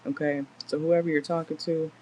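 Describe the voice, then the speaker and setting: A woman's voice: sits low, flat delivery, fairly quick, dark tone, slight background noise, low-quality recording. A woman doing a casual tarot reading in a car, chatty and blunt, swearing freely as she talks to viewers. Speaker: tarot reader.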